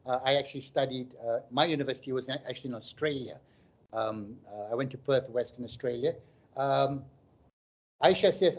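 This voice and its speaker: A man's voice: mid-range voice, a little fast. A middle-aged man doing stand-up comedy on a live online stream. He chats and jokes and reads out viewers' comments. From Malaysia.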